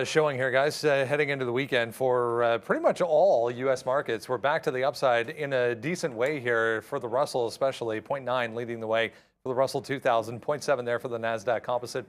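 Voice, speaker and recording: A man at the studio desk wrapping up the day with a brisk summary of how the indexes moved. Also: mid-range voice. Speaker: market wrap presenter. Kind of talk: market recap. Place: trading floor studio.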